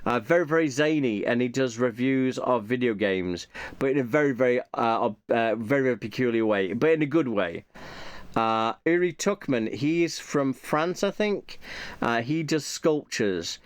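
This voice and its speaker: A man's voice: medium pitch, animated, normal speed, clear, resonant tone, no echo. Man rambling aloud in a dry room. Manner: rambling, thinking aloud, muttering repeated asides to himself. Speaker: YouTuber reviewing his subscriptions. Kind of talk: casual off-the-cuff monologue.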